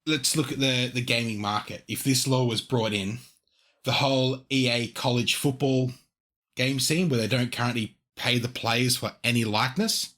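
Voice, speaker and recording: A man's voice: medium pitch, moderate pace, fairly bright tone. Give me an Australian man chatting loosely on a podcast, full of fillers. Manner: rambling, lots of "like" fillers. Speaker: podcast co-host. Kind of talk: casual chat.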